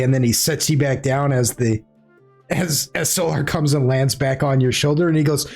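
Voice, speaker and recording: A man's voice: mid-range voice, steady tone, moderate pace, creaky, a little mellow, faint music behind. A man narrating a tabletop role-playing game as game master in a casual, chatty manner.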